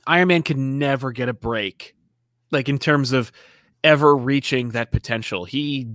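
Guy cohosting a podcast, rambly and animated, dry close mic. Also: medium pitch, normal speed, no room sound. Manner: rambling, animated, reads out listener comments. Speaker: podcast co-host. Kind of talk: casual chat.

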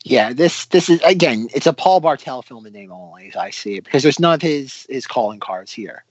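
A man's voice: medium pitch, fairly quick, breathy edge, no room sound. A man co-hosting a film podcast, talking casually and thoughtfully, correcting himself as he goes. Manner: thoughtful, lively, self-correcting. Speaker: podcast co-host. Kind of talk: casual film review chat. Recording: dry, slightly muffled audio.

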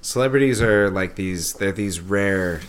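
A male podcast co-host with a fairly low voice in casual conversation. He argues his opinions emphatically and swears often while building up his point. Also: a little slow, smooth. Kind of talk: casual chat.

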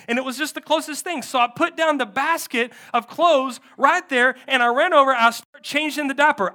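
Bright-voiced storytelling pastor. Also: male voice, very high voice. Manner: animated storyteller acting out a counseling story. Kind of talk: sermon storytelling.

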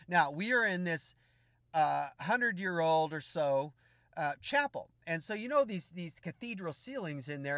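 A middle-aged man preaching, telling a funny story in an animated, humorous way. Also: fairly high pitch, no echo. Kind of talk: storytelling sermon.

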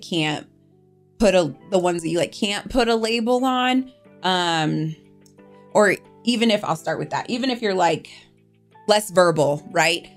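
A woman co-hosting a casual chat, talking openly and rambling a little. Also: lowish voice. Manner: open, rambling, restarts often. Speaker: podcast co-host and vlogger.

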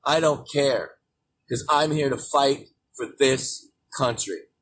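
A man hosting his own show, delivering an angry, profane political rant with frequent swearing and sudden shouted bursts. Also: medium pitch, slow. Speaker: show host. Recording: distant mic with faint background noise.

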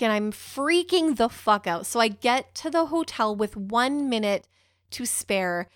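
A woman's voice: fairly high pitch, expressive, a little slow, no room sound, studio quality. A young woman telling a personal story in a rambling, emotional way, with a few swear words.

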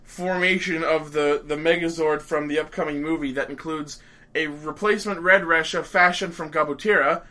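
A man hosting a podcast in casual chat, excitable and swearing often. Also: fairly high pitch, normal speed. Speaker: podcast host.

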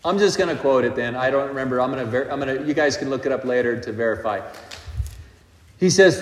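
A man preaching a sermon as pastor, animated, swinging between loud passages and quiet asides. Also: medium pitch, fast. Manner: animated preaching, rising and dropping in loudness. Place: church hall. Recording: echoey hall recording.

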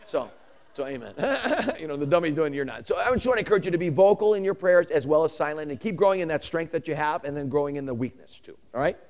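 A male preacher delivering a sermon with a high voice that leaps across a wide range. He swings from shouted lines to quiet asides and laughs between points. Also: quick pace. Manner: animated, swings from shouting to hushed.

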